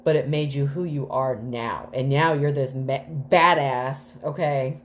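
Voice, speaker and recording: A woman's voice: rumbling low, unhurried, slight background noise. A woman giving a casual tarot reading to the collective, rambling with many fillers, swearing freely and getting emotional. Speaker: tarot reader.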